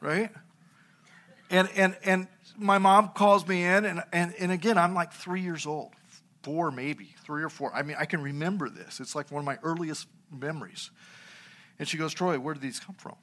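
A middle-aged pastor delivers a sermon with a forceful, bright tone and a fairly high pitch for a man. He preaches through funny, personal anecdotes. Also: steady tone, normal speed. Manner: anecdotal, humorous storytelling.

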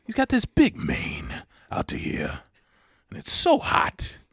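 A man doing an impression of a movie actor's quiet, halting, threatening delivery during a podcast. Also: sits high, wildly swooping pitch, slightly rough, no echo, clean studio sound, voice pushed up, exaggerated voice. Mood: quiet menace. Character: quiet, menacing older male film actor impression.

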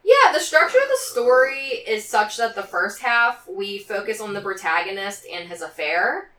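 A woman's voice: medium pitch, very animated, normal speed, bright, forceful tone. A woman co-hosting a casual film podcast, reading from notes between banter and laughing often. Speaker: podcast co-host. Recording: roomy, slightly distant mic.

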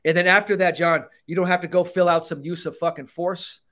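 Man, podcast host, mental coach, animated, profane, acts out quotes. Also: high-pitched, a little fast. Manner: animated, swears freely, acts out quoted lines. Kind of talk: casual podcast talk.

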